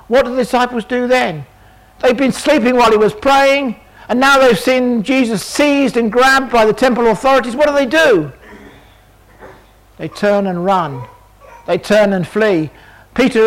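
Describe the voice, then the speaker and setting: High-voiced preacher retelling a story. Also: male voice, rough recording. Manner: dramatic storytelling, many rhetorical questions. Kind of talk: sermon.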